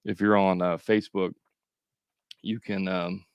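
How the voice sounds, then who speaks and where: A man's voice: sits low, level tone, a little slow, clean tone, no echo, dull audio. A man coaching contractors in a casual livestream, talking straight to viewers with joking asides.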